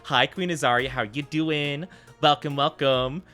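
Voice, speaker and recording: A man's voice: fairly high pitch, fairly even intonation, a little slow, pushed and bright, soft background music. An American man chatting casually while streaming a game, rambling with lots of fillers and tangents. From United States.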